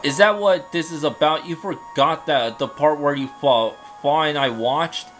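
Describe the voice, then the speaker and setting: A brash young samurai retainer, voiced by a man in a fantasy game fan dub. He is loud, blunt and boastful, with a slightly high voice, and faint music plays behind him. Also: unhurried.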